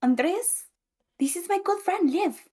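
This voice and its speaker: A bubbly, excitable adventurer with a very high, bouncing voice, as a woman plays the role in a tabletop game. The pitch swings widely and the tone stays chirpy. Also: a little slow. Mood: cheerful.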